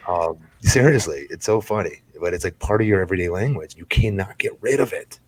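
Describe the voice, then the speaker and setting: A man's voice: low voice, animated, brisk. A man talking as a guest on a podcast, a laid-back storyteller who draws out his phrases. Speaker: podcast guest, former wrestler. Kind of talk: casual podcast chat.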